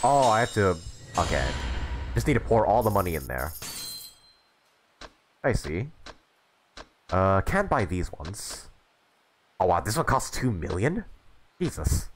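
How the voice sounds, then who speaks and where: A man's voice: on the low side, very animated, measured pace, pauses often, slight background noise. A man streaming a game live, chatting casually with viewers while sick with the flu and sniffling. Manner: laid-back, chatty, laughs often. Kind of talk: casual live gameplay chat.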